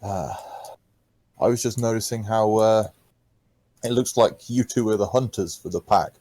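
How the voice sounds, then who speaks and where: A man voicing a gruff, weary grown man who answers in short, deadpan lines in a tabletop role-play. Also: lowish voice, normal speed, no room sound, close to an everyday voice. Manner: terse, dry, deadpan replies.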